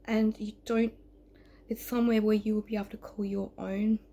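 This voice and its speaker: A woman's voice: medium pitch, flat delivery, normal speed, dark tone. A woman giving a tarot reading, delivering a rambling, emotional spirit message, close to tears and often slipping into whispers. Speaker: tarot reader. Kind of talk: spoken channeled message.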